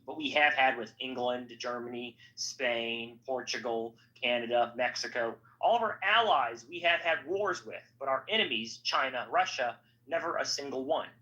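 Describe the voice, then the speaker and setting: A man's voice: mid-range voice, normal speed, few pauses, pushed and bright. A man talking politics in a rambling, profane, casual podcast chat. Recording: slightly dull audio with faint background noise.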